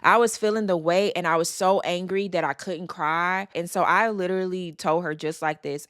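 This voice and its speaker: A woman's voice: fairly low pitch, steady tone, normal speed, few pauses, fairly bright tone, clean tone, no room sound, clean studio sound. A woman hosting a podcast, talking candidly and openly, pressing her points through repetition. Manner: openly vulnerable. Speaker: podcast host. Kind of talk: candid personal talk.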